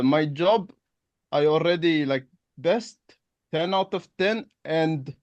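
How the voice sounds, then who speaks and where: A man's voice: a little high, no room sound, muffled recording. A man playing a blunt, no-nonsense accountant. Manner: blunt, repetitive, broken phrasing. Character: blunt, direct male accountant prospect. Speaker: roleplay partner.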